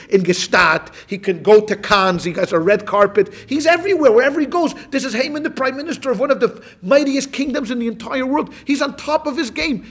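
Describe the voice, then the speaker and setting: A rabbi lectures a class in an animated, joking storytelling manner. His voice sits fairly high for a man and has a husky edge. He talks straight to the room as he teaches.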